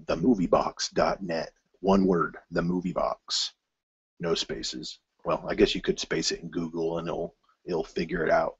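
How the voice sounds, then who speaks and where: A man hosting his own film news show, rambling casually with many fillers and restarts and bursts of excitement. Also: low-pitched, breathy edge, no room sound, lo-fi sound.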